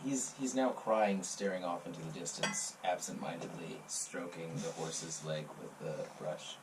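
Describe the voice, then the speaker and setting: A game master narrating a tabletop game in a relaxed, giggly way. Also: low-pitched, a little slow. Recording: distant mic, faint hiss.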